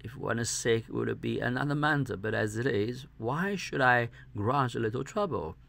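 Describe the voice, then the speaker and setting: A man's voice: mid-range voice, expressive, moderate pace, vocal fry, a bit bright. A man voicing a kind young peasant servant in a story reading, speaking in a hearty, willing way. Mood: reassuring.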